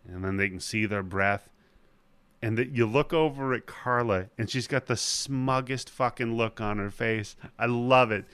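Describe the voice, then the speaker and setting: Swearing, animated male podcast host. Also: on the low side, normal speed, smooth, no echo. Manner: animated retelling, acting out characters' lines with profanity. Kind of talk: casual movie recap podcast.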